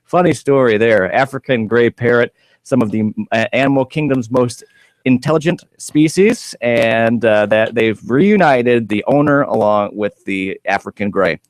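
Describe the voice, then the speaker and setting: A man's voice: medium pitch, moderate pace, no room sound. Male radio host, upbeat and chatty, mid-range voice, dry studio mic. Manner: upbeat, repeats the phone number, easy banter. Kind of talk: casual radio chat.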